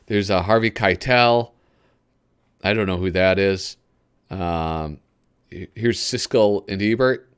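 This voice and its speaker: Rambling, slow-talking male host. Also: low-pitched, clean tone. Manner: rambling, gropes for names, chuckles often. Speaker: host of a magazine flip-through show. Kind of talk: casual live commentary.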